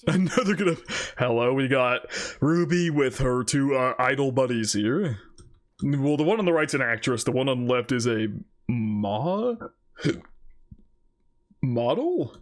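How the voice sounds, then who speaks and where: A man hosting an anime reaction video, chatting casually in an excitable, rambling way and laughing often. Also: mid-range voice, unhurried, long pauses.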